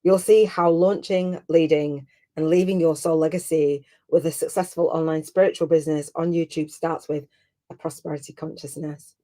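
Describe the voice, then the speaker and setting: Host: middle-aged woman, low-pitched, emotional and chatty coach running a live masterclass. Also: fairly even intonation, moderate pace, dark tone. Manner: heartfelt and chatty, close to tears.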